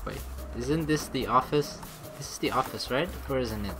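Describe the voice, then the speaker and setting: A let's play gamer giving excitable gameplay commentary, swearing freely and laughing often, with game music playing behind. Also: mid-range voice, normal speed.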